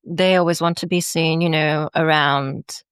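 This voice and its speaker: French-accented woman, podcast guest, low-pitched, hesitant and halting, dry close recording. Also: steady tone, clean tone, no echo. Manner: hesitant, many fillers and restarts. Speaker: life coach guest. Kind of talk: casual podcast chat.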